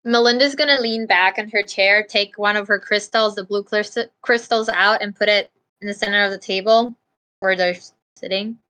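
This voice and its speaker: A woman's voice: mid-range voice, steady tone, normal speed, sharp tone. A woman player chattily describing her character's actions in a tabletop role-playing game. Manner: chatty, giggly narration of actions. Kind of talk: tabletop role-play chat.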